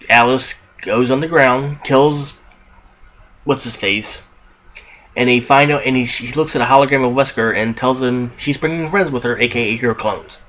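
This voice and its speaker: Young man, casual movie podcast, rambling, restarts, offhand swearing, mid-pitched voice. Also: fairly bright tone. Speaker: movie reviewer, podcast host. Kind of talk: casual unscripted review.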